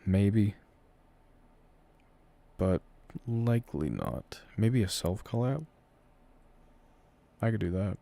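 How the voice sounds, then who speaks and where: A young man in his twenties, from Canada, chats through a live Q&A from his room at home. His voice sits deep and soft-edged, with a mellow warmth. He wanders through answers in a relaxed, rambling way, full of fillers and trailing hedges. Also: slow pace, gravelly, long pauses. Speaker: audio creator hosting a live Q&A. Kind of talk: casual live-stream chat.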